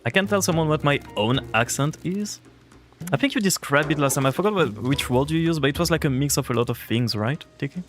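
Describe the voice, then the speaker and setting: A man's voice: a little high, lively intonation, fairly quick, soft background music. A man streaming a game live, chatting casually and answering his viewers' chat, rambling with lots of filler words. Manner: rambling, heavy use of "like" fillers; reacts to and answers chat aloud.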